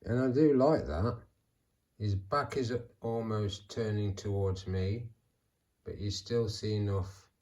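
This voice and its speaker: A man in middle age hosts a hobby vlog, narrating as he poses figures. His voice sits a little low and he talks slowly, as if musing aloud to himself. The delivery stays calm and unhurried. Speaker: toy figure channel host. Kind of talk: casual vlog narration while posing figures.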